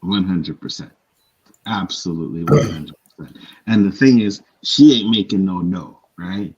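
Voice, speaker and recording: A deep, husky-voiced man spins a workplace story on a panel talk show. He is animated and swears freely. The sound is a little dull and lo-fi. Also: normal speed. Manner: animated storyteller, profane, acts out others' lines. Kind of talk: casual chat.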